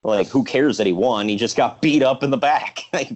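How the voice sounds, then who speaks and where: A man's voice: medium pitch, normal speed, lo-fi sound. A man co-hosting a casual wrestling podcast, ranting and joking and quoting people in mocking voices. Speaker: podcast co-host.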